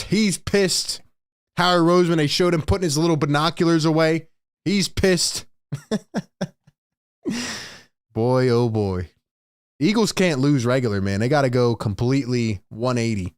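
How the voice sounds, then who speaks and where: A man's voice: medium pitch, animated, a little slow, long pauses, smooth, dry recording. A man hosts a live-stream sports talk, venting exasperation at his chat. His voice sits in a mid range and sounds close and dry, with no room around it. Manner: exasperated, ranting.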